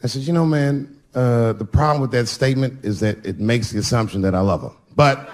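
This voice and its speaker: A man's voice: medium pitch, brisk. A man doing a stand-up routine on stage, telling stories with punchy, profane delivery and acting out the dialogue. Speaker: stand-up comedian. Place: stage before a live audience.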